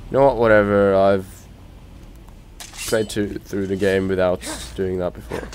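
A man's voice: sits low, fairly even intonation, unhurried, darkish tone, slight background noise. A man with a Norwegian accent, giving casual gameplay commentary and joking at the game characters, swearing now and then. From Norway. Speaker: let's play commentator.

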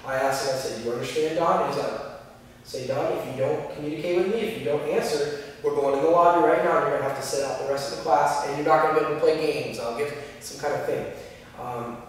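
A man's voice: on the high side, fast, a little hiss or hum. A male martial arts instructor explaining class methods in a practical way, acting out short examples as he teaches. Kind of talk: instructional talk. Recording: echoey room, distant mic.

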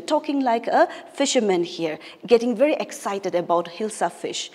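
A woman's voice: a little high, normal speed, hardly any pauses, darkish tone, slightly rough. A woman English teacher from Nagaland, India, patiently explaining a story to her class and rephrasing each line. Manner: patient, explanatory, rereads and paraphrases lines. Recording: echoey room with long reverb.

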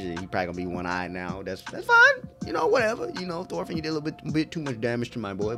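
A man casually reacting to an anime episode as he watches. He is excitable and profane, laughs often and talks back at the screen. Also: on the low side.

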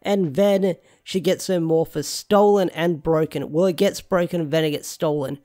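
Young male reviewer, slightly high voice, casual and rambling, thinks aloud. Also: steady tone, normal speed, mellow. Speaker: show reviewer. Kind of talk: casual solo review talk.

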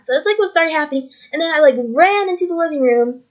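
A woman with a high, animated, slightly mellow voice talks at a quick pace while vlogging at home through her computer mic. She shares her faith earnestly in a casual testimony, rambling and repeating herself.

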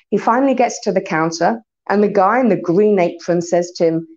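A woman giving a religious community talk, retelling a story in an animated way. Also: mid-range voice, fairly quick, hardly any pauses, muffled recording. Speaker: speaker.

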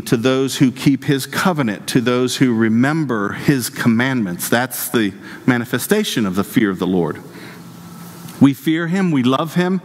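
A man preaching a sermon as pastor, reading scripture aloud and pressing his points with rising, impassioned emphasis. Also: medium pitch. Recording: long reverb of a church hall.

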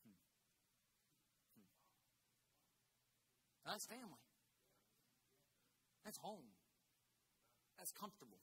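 A man's voice: a little high, big pitch swings, takes it slowly, long pauses, sharp tone, a little hiss or hum, low-quality recording. A young man from Florida preaching a sermon in church, telling a family story with many restarts and then urging his listeners on with growing fervor. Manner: earnest, repetitive restarts, rising to fervent exhortation. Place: church sanctuary.

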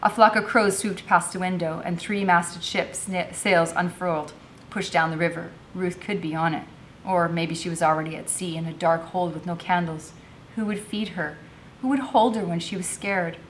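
A woman's voice: lowish voice, fairly even intonation, normal speed, a little hiss or hum. A woman teacher reading a novel aloud, narrating expressively.

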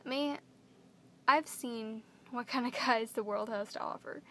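A young woman vlogging to camera, gushing and emotional as she repeats her words, with a creaky voice. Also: fairly high pitch, unhurried, sharp tone, a little hiss or hum. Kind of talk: earnest direct-to-camera vlog.

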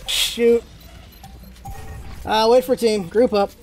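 A gaming channel host giving live gameplay commentary, excitable and firing off rapid callouts to teammates. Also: mid-range voice.

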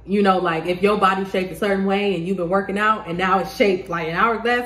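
A woman giving a casual tarot reading to the camera, excitable, laughing often and swearing freely. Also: medium pitch, fast. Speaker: tarot reader. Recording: roomy echo.

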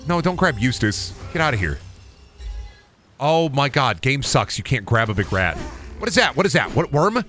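A man's voice: medium pitch, sing-song, moderate pace, a bit bright, faint music behind. A man streaming a video game and commenting live, talking in a profane, repetitive, often exasperated mutter.

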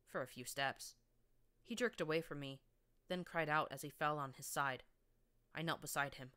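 A woman narrates a fan fiction audiobook in the first person. Her voice sits deep for a woman, and she keeps a wry, sardonic edge. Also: normal speed, long pauses, bright, forceful tone.

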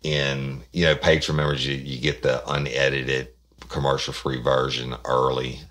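A man's voice: very deep voice, little pitch movement, moderate pace, a bit bright. A man, hosting a podcast in rambling casual chat with many restarts. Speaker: podcast host.

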